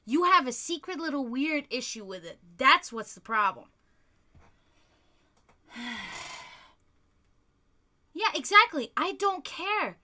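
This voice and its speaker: A woman's voice: high voice, sing-song, pushed and bright. A European woman hosting a livestream, ranting heatedly with lots of swearing in casual talk. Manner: profane, heated, fast ranting. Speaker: livestream host.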